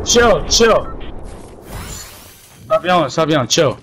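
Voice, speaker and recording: A man's voice: fairly high pitch, lively intonation, takes it slowly, a bit bright, a little hiss or hum. A young man playing a shooter game, giving urgent, bossy callouts and shushing his teammates. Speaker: gamer. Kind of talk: live gameplay callouts.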